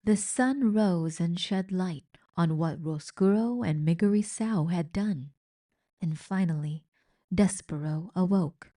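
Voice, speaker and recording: Narrator: woman, slow and expressive, children's book read-aloud. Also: lowish voice.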